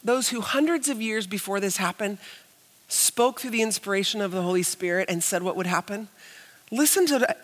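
A woman pastor preaching a sermon earnestly, moving from hushed stretches to emphatic, raised passages. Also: medium pitch, expressive, brisk. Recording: long reverb of a large hall.

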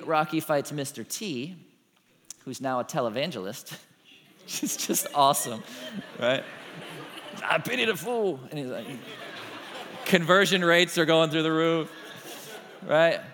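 A man's voice: sits high, a bit bright, big-room sound. A man preaching a sermon to a congregation, joking and acting out little dialogues. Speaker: pastor.

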